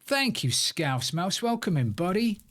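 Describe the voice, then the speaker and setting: A man's voice: high voice, very animated, unhurried, fairly bright tone. A man chatting casually on a live game stream, rambling to himself and greeting viewers by name. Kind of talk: casual live-stream chat while playing.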